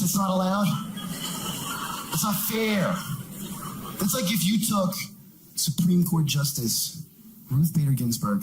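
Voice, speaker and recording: A man's voice: on the high side, noisy background. A man doing a stand-up comedy routine, brash and mocking, who puts on silly voices.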